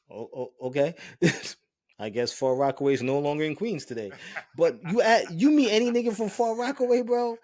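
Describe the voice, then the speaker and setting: A man's voice: sits high, moderate pace. A man from Brooklyn with a New York accent, co-hosting a podcast in loose banter, acting out voices as he tells stories. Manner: animated storytelling, acts out voices; swears freely. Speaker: podcast co-host. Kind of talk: casual banter.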